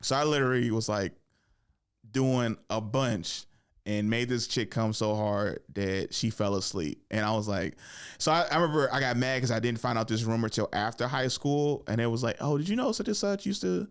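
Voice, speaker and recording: A man's voice: medium pitch, moderate pace, clean tone. A man in his twenties hosting his own podcast, telling stories casually with swearing and laughter. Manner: loose, profane, laughing. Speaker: podcast host. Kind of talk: casual solo storytelling.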